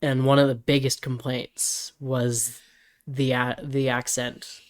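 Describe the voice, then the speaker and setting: A man's voice: mid-range voice, little pitch movement, slow pace. A man co-hosting a podcast, speaking hesitantly with stammers and fillers in casual chat. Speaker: podcast co-host.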